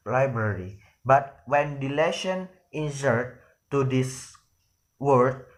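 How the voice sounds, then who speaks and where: Slow, halting man explaining phonology. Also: mid-range voice. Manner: halting, repeats words and restarts often. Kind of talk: spoken lesson on phonology.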